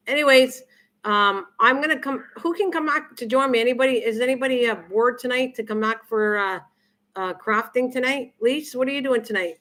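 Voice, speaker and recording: A woman's voice: medium pitch, fairly bright tone. An older woman hosting a casual cooking livestream from her home kitchen, chatting and answering viewer comments in a rambling, friendly way. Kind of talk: casual live-stream chat, reading comments aloud.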